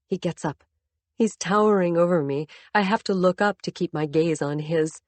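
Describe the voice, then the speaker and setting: A woman with a somewhat low voice narrates a first-person audiobook, tense and intimate in her telling. The sound is dry and close, with no room around it. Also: moderate pace, darkish tone, no room sound.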